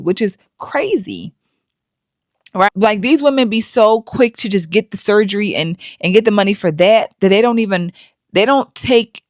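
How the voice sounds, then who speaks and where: A woman's voice: mid-range voice, dry recording, clean studio sound. A woman hosting a commentary vlog, talking in a conversational, opinionated way with frequent fillers. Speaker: host.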